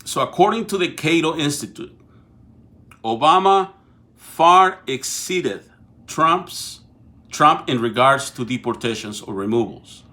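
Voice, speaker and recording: Middle-aged male host, Mexican Spanish accent, sharp bright voice, casual talk straight to camera with frequent restarts. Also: a little high, expressive, unhurried. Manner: talkative, repeats and restarts words, addresses viewers directly. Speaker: political show host. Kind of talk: casual live-stream talk.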